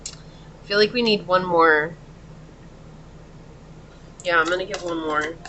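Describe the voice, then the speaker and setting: A woman's voice: on the low side, takes it slowly, noisy background. A woman doing a pick-a-card tarot reading, talking straight to the viewer in an earnest, consoling way. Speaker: tarot reader.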